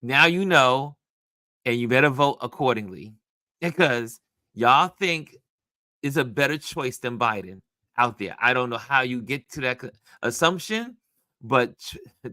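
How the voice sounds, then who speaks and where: A man from New York hosting a casual talk show, telling a story in an animated way with many restarts. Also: mid-range voice, measured pace, dry recording, studio quality. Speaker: host.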